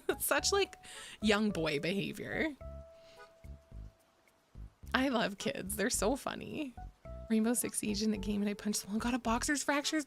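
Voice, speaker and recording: A woman's voice: mid-range voice, creaky. A young woman streaming, chatting casually with viewers in a candid, profane way, gasping and laughing often. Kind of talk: casual chat reading viewer messages.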